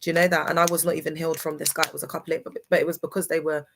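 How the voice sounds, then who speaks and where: A woman's voice: deep voice, level tone, racing, creaky, background noise. A woman talks to her live viewers in a casual, emphatic, preachy way, often checking that they understand, while grieving. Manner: emphatic, preachy, keeps asking if listeners understand. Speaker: livestreamer. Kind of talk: casual livestream monologue.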